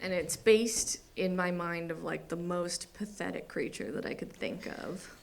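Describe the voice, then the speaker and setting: A woman's voice: fairly low pitch, unhurried, vocal fry. A young woman performing stand-up comedy on a small theater stage, laughing often and acting out other people's voices.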